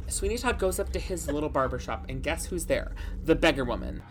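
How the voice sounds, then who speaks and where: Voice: mid-range voice, a little fast, few pauses. A podcast host giving a comic, rambling plot recap with dramatic "guess what" beats.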